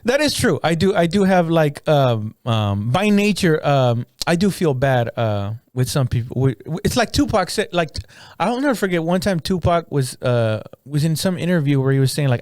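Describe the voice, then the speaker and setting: A man, a stand-up comic, chatting crudely on a podcast, laughing often and telling animated stories. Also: fairly high pitch, normal speed, dry recording, studio quality. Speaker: podcast co-host. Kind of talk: casual comedian chat.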